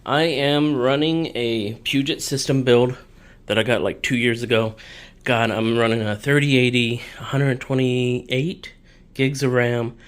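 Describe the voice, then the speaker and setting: Breathy young man touring his home office. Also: medium pitch, steady tone, a little slow. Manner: breathy, audible breathing while talking. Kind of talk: casual home tour.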